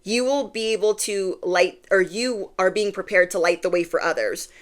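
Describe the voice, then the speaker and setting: A woman's voice: medium pitch, normal speed. A young woman gives a tarot reading in a loose, chatty way. She rambles through encouragement, drops into little quoted asides and keeps saying "like" as she goes. Her voice sits in an ordinary middle range. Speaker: tarot reader. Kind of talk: casual spiritual reading to camera.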